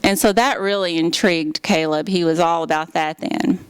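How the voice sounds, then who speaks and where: A woman's voice: fairly low pitch, fairly even intonation, moderate pace, smooth, dry recording. A woman giving an earnest, heartfelt faith testimony. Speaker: speaker giving a personal testimony.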